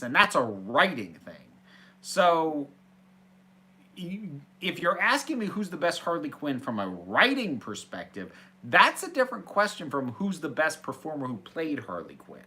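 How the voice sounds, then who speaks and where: A man's voice: on the high side, sharp tone. A man hosting a casual Q&A, reading out viewer questions from a small office and answering them in a chatty, hesitant way with restarts. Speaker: host.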